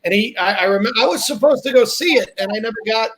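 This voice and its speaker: A man's voice: high voice, quick pace, fairly bright tone, rough recording. A man hosting a casual chat, eagerly chiming in with agreement and his own comments. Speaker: podcast host.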